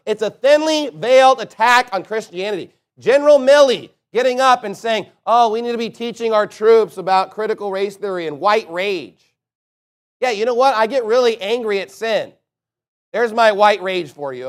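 A male pastor delivering a combative sermon, pressing hard with one rhetorical question after another. His voice sits high for a man. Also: fairly bright tone. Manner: fiery, combative preaching with repeated rhetorical questions.

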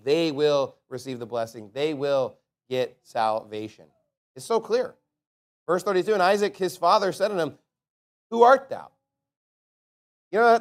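Male preacher, high voice, impassioned sermon, loud emphatic peaks, quiet low asides, king james scripture.

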